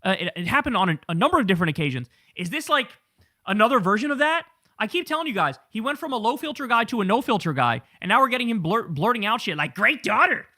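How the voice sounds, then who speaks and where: Bright, high-voiced profane male host. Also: big pitch swings, quick pace, dry recording, studio quality. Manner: blunt, profane and incredulous. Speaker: political commentary host. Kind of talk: casual political commentary.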